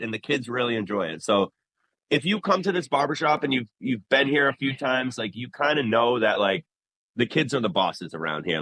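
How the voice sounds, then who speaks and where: Interview guest: a New England barber, lively storyteller, bright tense tone, dry close sound. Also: male voice, lowish voice, no room sound, rough recording. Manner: animated storyteller, acts out quoted dialogue. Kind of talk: casual interview talk.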